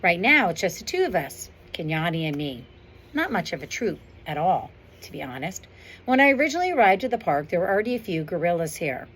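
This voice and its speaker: A woman's voice: lowish voice, big pitch swings, brisk, fairly bright tone, a little hiss or hum. Ivan, a woman reading as a wry silverback gorilla. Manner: wry, understated storybook narration. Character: proud dry-humored male silverback gorilla narrator. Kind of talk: reading a novel aloud. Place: outdoors on a windy day.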